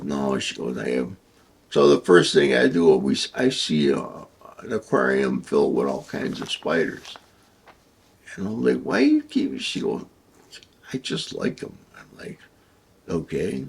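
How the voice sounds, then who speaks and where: A man casually telling a rambling, crude anecdote with halting starts. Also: very deep voice, huge pitch swings, creaky, a little hiss or hum. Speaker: storyteller.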